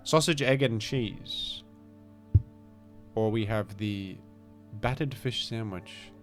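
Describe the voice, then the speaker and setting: A man's voice: lowish voice, takes it slowly, faint music behind. A man with an Australian accent, a gaming streamer giving rambling, self-deprecating commentary that trails off into mumbled asides. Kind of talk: casual rambling game commentary.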